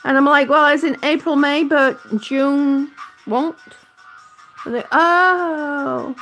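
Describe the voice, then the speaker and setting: Slow, high-voiced breathless woman vlogger. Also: fairly even intonation, a bit bright, faint music behind. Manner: chatty, affectionate, drawn-out vowels. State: a little out of breath. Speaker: vlogger on oxygen. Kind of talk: live-stream chat with viewers.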